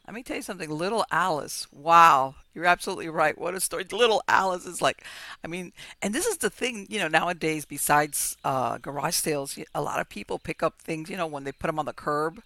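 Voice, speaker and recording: A woman hosting a paranormal podcast interview, animated and quick to exclaim. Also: sits low, no echo. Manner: animated, exclaims and laughs often. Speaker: podcast host. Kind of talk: casual interview.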